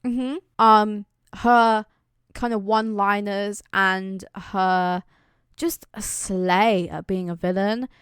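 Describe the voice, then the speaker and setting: Chatty young British woman, smooth voice. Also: mid-range voice, steady tone, takes it slowly, dry recording, clean studio sound. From Britain. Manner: chatty and dramatic, playful exaggeration. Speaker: vlogger. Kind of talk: casual chat.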